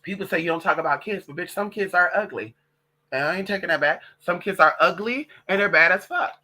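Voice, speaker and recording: A woman's voice: lowish voice, brisk. A transgender woman vlogging in a casual monologue, sassy and profane, calling listeners honey and girl as she tells stories. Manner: animated gossipy storytelling. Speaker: vlogger and witch.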